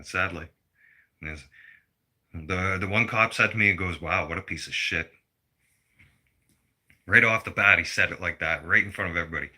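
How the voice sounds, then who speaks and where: A man's voice: low-pitched, bright, forceful tone. A middle-aged man delivering a blunt, profane personal rant to his viewers. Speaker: vlogger.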